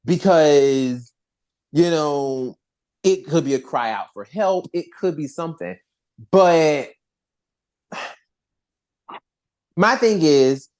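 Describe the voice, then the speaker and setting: Rambling, animated casual podcast host. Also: medium pitch. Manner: animated, rambling, with frequent restarts and swearing. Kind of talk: casual chat.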